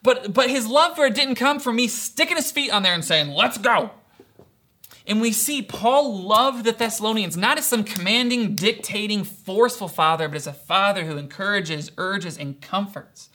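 Young male pastor, bright voice, casual sermon delivery with many "right"s and "kinda"s. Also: high-pitched, animated, moderate pace, few pauses. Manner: acts out quoted voices in storytelling.

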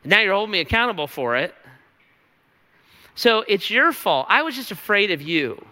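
Whiny male servant blaming his boss, as a man puts him on; high, bright, echoing hall. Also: big pitch swings, moderate pace, full character voice. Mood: whining. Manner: pleading, self-justifying. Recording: reverberant hall.

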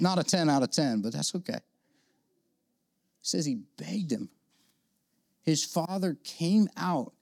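In a church auditorium before an audience, a man preaches in a casual, conversational, animated style, acting out the voices of the characters in his story. His pitch is ordinary, and the sound is dry and close with little room echo.

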